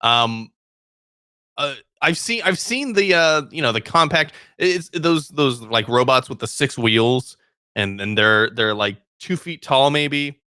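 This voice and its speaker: A young man with a bright, forceful voice cohosts a casual show, cracking jokes and laughing as he goes. He tends to trip over his words. The sound is close and dry. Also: mid-range voice, lively intonation, slow, clean tone, no room sound. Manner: joking, laughs often, stumbles over words. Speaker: co-host. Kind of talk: casual chat.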